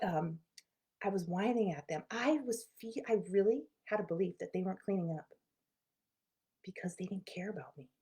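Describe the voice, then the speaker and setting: A middle-aged woman, a therapist, talking casually to camera and telling a story with lots of laughter, swinging between loud and quiet. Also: fairly low pitch. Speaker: therapist and channel host.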